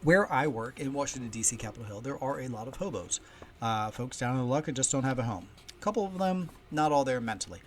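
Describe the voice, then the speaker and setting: A man hosting a casual solo podcast from home, chatty and storytelling, with loudness that swings often. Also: mid-range voice, animated, fast, a little hiss or hum. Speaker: podcast host. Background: faint ambience of heating and kids upstairs.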